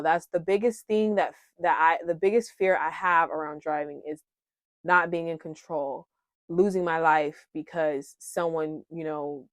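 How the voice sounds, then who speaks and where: Woman, 30s, casual self-help vlog, low-pitched, says "y'all", filler-heavy, dry close mic. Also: dry recording. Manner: frequent "um", addresses viewers as "y'all", laughs at herself. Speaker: wellness vlogger sharing coping skills. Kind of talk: casual heartfelt talk to viewers.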